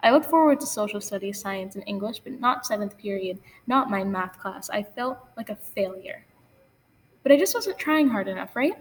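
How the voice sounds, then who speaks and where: A woman's voice: mid-range voice, animated, normal speed, big-room sound, slight background noise. A teenage girl sharing a personal story in an earnest, confessional spoken-word talk. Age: teens. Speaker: student speaker. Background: guitar music.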